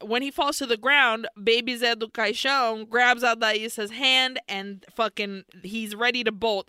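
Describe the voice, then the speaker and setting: Retelling a movie's plot on a podcast she co-hosts, this woman swears a lot and sprinkles in Spanish as she tells it with animation. Her fairly high voice is smooth, at normal speed with hardly any pauses, in a dry, clean studio recording.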